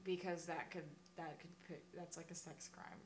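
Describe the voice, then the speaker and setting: A woman's voice: deep voice, fairly even intonation, moderate pace, slight background noise. A woman co-hosting a podcast in casual chat, reacting to a story with disgust and short interjections. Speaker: podcast co-host.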